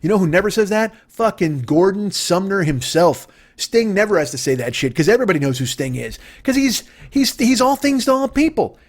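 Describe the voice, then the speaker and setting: A man in his forties rambles through a comedic monologue, swearing freely and leaping from one tangent to the next. His voice sits high and swings widely in pitch, bouncing between excitement and mock outrage. He talks like a podcast host riffing alone at the mic. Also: brisk, hardly any pauses. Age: 40s.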